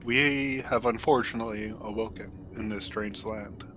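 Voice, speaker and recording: A man's voice: on the low side, fairly even intonation, moderate pace, bright, forceful tone, slight background noise, poor audio. A man playing a zealous righteous adventurer. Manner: formal, self-assured, righteous. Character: earnest zealous male adventurer. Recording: music in background.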